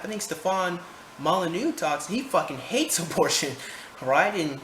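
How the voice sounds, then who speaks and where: A man's voice: sits high, expressive, measured pace, a bit bright. A man ranting his opinions to camera, heated, profane and rambling, recorded indoors. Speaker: vlogger. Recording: roomy echo, faint background noise.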